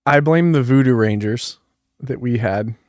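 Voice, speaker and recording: A man's voice: mid-range voice, a little slow, a little mellow, no echo, studio quality. A man hosting a horror movie podcast in loose, rambling casual chat. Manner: laid-back, rambling, lots of fillers. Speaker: podcast host.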